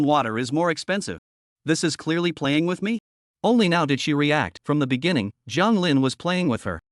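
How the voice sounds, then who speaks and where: A man narrating a comic recap in a flat, hurried storytelling manner on a close mic. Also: on the high side, dry recording.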